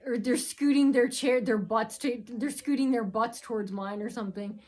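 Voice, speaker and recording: A woman's voice: on the high side, moderate pace, darkish tone. A woman vlogging, rambling and repetitive as she complains. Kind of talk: rambling personal vlog.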